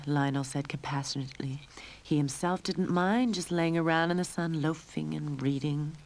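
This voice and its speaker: A woman narrating a game storybook in a soft, breathy reading voice. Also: sits low, animated, moderate pace, soft background music.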